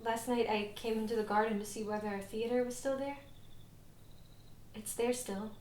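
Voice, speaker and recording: An actress playing a weary, heartbroken young actress, speaking haltingly with stammered restarts, in a filmed stage drama scene. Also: female voice, a little high, steady tone, a little mellow, a little hiss or hum, close to an everyday voice. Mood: tearful. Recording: roomy, distant mic with music.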